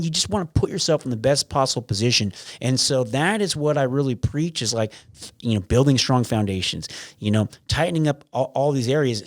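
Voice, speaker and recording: A man's voice: mid-range voice, dry recording, studio quality. A man talking as a podcast guest, blunt and frank, with lots of restarts and some swearing. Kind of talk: casual interview.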